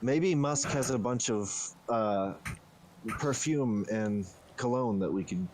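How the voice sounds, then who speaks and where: A man's voice: mid-range voice, animated, slow, noisy background. A man playing a tabletop game, chatting casually and asking hesitant questions. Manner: hesitant, many uhs while asking questions. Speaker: player. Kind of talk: casual tabletop play chat.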